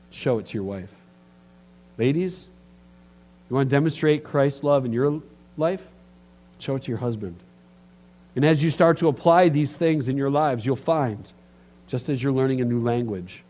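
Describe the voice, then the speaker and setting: A middle-aged man preaching a sermon as a pastor, telling stories and acting out the voices of the people in them. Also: mid-range voice. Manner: animated storyteller acting out voices.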